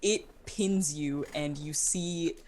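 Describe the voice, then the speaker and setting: A woman narrating as game master, setting scenes and calling for rolls in a relaxed, halting way. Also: low voice, a little hiss or hum. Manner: relaxed, hesitant narration with many fillers.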